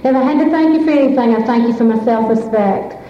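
A woman speaks nervously and from the heart, stopping and restarting as she shares her story. Her voice sits a little high. It carries through a big echoing hall with a long reverb tail and a faint hiss underneath. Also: fast. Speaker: speaker at a recovery fellowship meeting. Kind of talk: personal testimony speech. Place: large meeting hall. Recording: echoey hall, muffled lo-fi sound, faint hiss.

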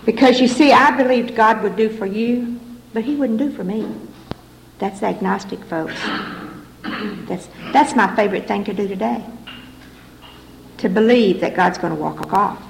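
A woman's voice: mid-range voice, normal speed, vocal fry, long pauses. A middle-aged woman giving earnest, repetitive personal testimony as a speaker at a recovery meeting in a hall. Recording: echoey room recording, faint background noise.

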